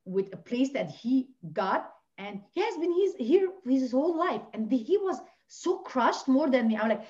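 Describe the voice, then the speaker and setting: A woman from Lebanon, a podcast guest telling her personal story with passion, swinging between hushed and near-shouting. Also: sits high, big pitch swings, moderate pace, few pauses. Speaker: podcast guest, life coach. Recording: dull lo-fi audio.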